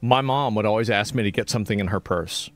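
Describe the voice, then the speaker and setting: A fast-talking man with a fairly low voice streams a casual reaction commentary, arguing and explaining his point of view. He rambles, swears and uses plenty of fillers.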